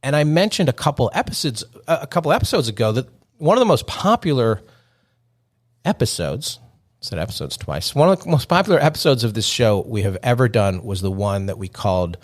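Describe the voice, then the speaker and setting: A man hosting a podcast, talking alone in a joking, conversational way and chuckling at his own lines. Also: fairly low pitch. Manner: joking, conversational, self-amused. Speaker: podcast host. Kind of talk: solo podcast monologue.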